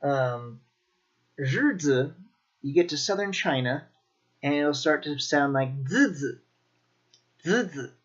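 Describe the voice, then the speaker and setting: Slow-spoken man teaching pronunciation. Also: a little high, lo-fi sound. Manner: slow, demonstrative, repeats sounds. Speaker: Mandarin teacher. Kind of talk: pronunciation lesson.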